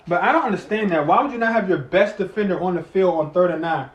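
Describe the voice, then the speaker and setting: A man giving live play-by-play and reaction to a football game, excitable, swinging from muttering to shouting and cussing, talking while eating. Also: high-pitched, quick pace, hardly any pauses, echoey room, dull audio.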